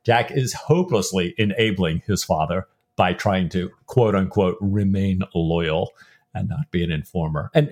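A man's voice: fairly low pitch, darkish tone. Chatty man musing on a novel. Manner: rambling, reads book passages aloud with feeling. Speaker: podcast co-host. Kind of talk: casual book-discussion chat.

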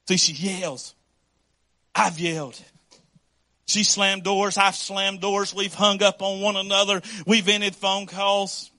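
High-voiced bright pastor preaching. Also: male voice, level tone, slow pace, pauses often. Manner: storytelling with laughs and acted quotes. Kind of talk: sermon.

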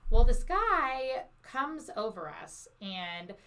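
A woman's voice: fairly high pitch, slow. A young adult woman hosting a podcast, telling a comic story in casual chat, acting out what people said and laughing as she goes. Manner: animated anecdote-telling, acts out quotes, laughs mid-sentence, swears freely. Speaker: podcast host.

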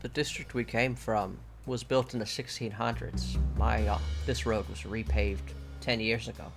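A man's voice: fairly low pitch, steady tone, normal speed, vocal fry, music in the background. A man playing a tabletop game, joking and explaining the rules. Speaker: player.

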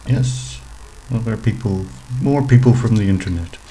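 A man's voice: on the low side, normal speed, warm tone, soft background music, poor audio. A man co-hosting a podcast in casual chat, with dry, teasing humour. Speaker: podcast co-host.

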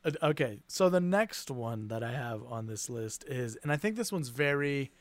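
A man's voice: medium pitch, expressive, moderate pace. A man co-hosting a casual podcast who laughs easily and rambles as he explains things. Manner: giggly, rambling, restarts sentences. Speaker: podcast co-host and teacher.

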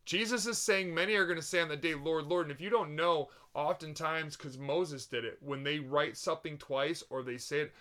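A man's voice: a little high, normal speed, hardly any pauses, a bit bright. A man hosting a faith podcast, preaching fervently, full of rhetorical questions and restarts. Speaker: podcast host.

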